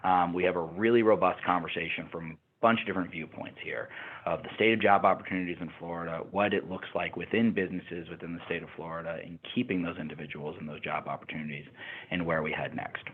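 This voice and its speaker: A man's voice: low voice, steady tone, fast, breathy edge. A man hosting a webinar in a loose, chatty way with many fillers. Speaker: webinar host. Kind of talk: casual presenting on a call. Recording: tinny phone-like audio.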